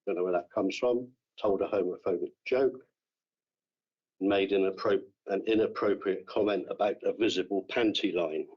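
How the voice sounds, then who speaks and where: An English man speaking as a councillor at a formal hearing, halting and repeating his words. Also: low voice. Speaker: councillor responding to a complaint. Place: council meeting room. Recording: dull lo-fi meeting recording.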